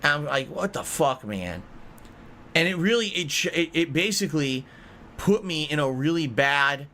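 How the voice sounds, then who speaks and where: A man vents on his podcast. His voice is bright and sits a little high, and he swears and circles back to hammer each point home. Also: animated, normal speed, a little hiss or hum. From United States. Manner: angry, profane, repeats his points. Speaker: podcast host. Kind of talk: heated podcast rant.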